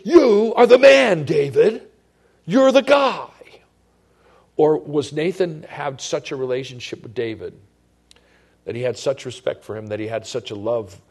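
A man preaching a sermon in a conversational way, his voice swinging from loud emphasis to hushed tones. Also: on the low side. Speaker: pastor.

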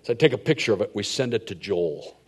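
A middle-aged man preaching a sermon as a pastor, telling stories and swinging from hushed asides to loud, emphatic points. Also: on the low side, animated, quick pace, husky.

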